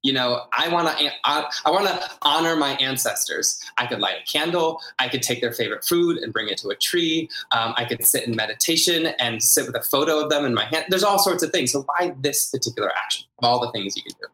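A ritual designer appears as an interview guest, earnestly explaining his ideas in a bright, forceful, medium-pitched voice and often repeating words for emphasis. He's animated, a little fast, and barely pauses, and the room around him has a noticeable echo.

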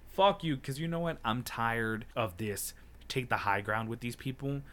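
A man's voice: medium pitch, normal speed, fairly bright tone. Young male podcast co-host, indignant and profane, storytelling with acted-out retorts. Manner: heated, profane storytelling, acting out his own retorts. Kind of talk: casual podcast chat.

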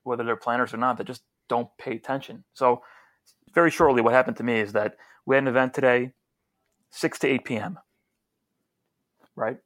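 Calm man, dry close sound. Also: medium pitch, normal speed, pauses often, no echo. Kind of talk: casual chat.

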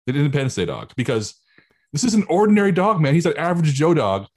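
A man's voice: a little high, sing-song, fast, darkish tone, slightly rough. A man in a casual movie podcast chat, riffing in jokey rants.

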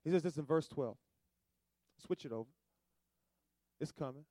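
Fervent preacher with a dry close sound. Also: male voice, a little high, normal speed, no room sound. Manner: call-and-response preaching, swings from soft to shouted. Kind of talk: sermon.

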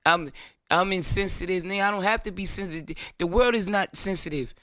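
A New York-accented man hosts his own show, launching into a brash, profane, defiant rant and mocking his critics with whiny impressions. His voice sits high and sounds sharp, and he talks fairly quickly on a dry, clean studio recording.

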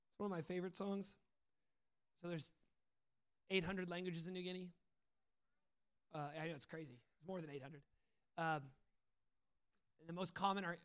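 A man preaching a sermon, telling personal stories in an animated way, acting out quotes and laughing often. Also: a little high.

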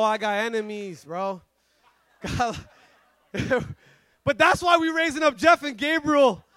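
A man preaching an energetic sermon in a fervent, slangy way, shouting at the peaks. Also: extremely high pitch, dry recording.

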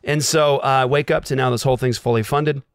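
A man sharing a personal faith testimony, acting out the dialogue and dropping to a hush at tense moments. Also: mid-range voice, steady tone, fast talker, smooth, no room sound, studio quality. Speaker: guest telling a personal story.

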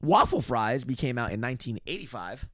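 A man's voice: mid-range voice, big pitch swings, brisk, pushed and bright, dry recording. A man co-hosting a chatty podcast, reading trivia and facts from his notes and wandering into side remarks. His voice sits in a middle register and sounds dry and close, with no room around it. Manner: reads facts from notes, rambling asides. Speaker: podcast co-host. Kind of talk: casual chat.

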